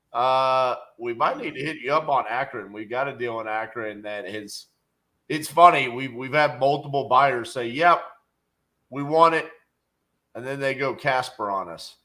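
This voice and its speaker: Bright-voiced man, joking and folksy. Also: mid-range voice, measured pace. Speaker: co-host, real estate investor. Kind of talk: casual livestream chat reading viewer comments.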